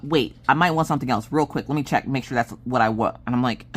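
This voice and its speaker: A woman's voice: fast, hardly any pauses. A Southern American woman in her thirties chatting casually, acting out family members' lines in an exasperated storytelling manner. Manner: animated, acts out family members' lines with big pitch jumps and exasperated whispers. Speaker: craft vlogger.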